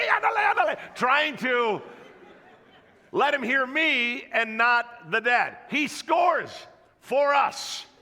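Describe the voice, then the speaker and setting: Middle-aged pastor, animated storyteller, bright and slightly gravelly; sermon mic in a reverberant hall. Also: male voice, very high voice. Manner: animated, jokey storyteller acting out voices. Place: church auditorium. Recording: long reverb of a church hall.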